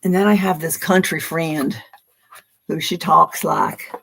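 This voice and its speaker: A woman's voice: low-pitched, animated, unhurried, gravelly, background noise. A woman in her seventies from Philadelphia, reading tarot on a livestream and chatting casually, rambling from story to story with frequent laughter. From Philadelphia, USA. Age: 70s. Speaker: tarot reader hosting a livestream.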